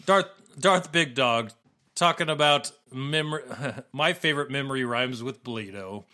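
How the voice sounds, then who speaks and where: A man with a bright, forward voice co-hosts a podcast while sick with a cough and fighting to keep his voice. He chats casually, laughing often as he rambles through listener messages. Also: medium pitch, unhurried. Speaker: podcast co-host.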